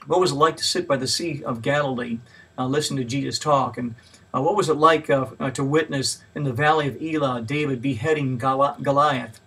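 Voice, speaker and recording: A man teaches a Bible study method in a patient, step-by-step lecture, leaning on each numbered point and filling pauses with "uh". His voice is mid-pitched and slightly husky. He sits a little back from the microphone, so the sound is somewhat distant. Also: a bit bright. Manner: plain, patient teaching with frequent "uh" fillers; stresses key words when listing points. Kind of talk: mini lecture.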